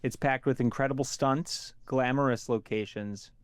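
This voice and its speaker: A man with a mid-pitched voice reads a blurb aloud as a guest on a podcast. His delivery is dry and deadpan. The recording sounds close and dry. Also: normal speed, clear, resonant tone, no echo.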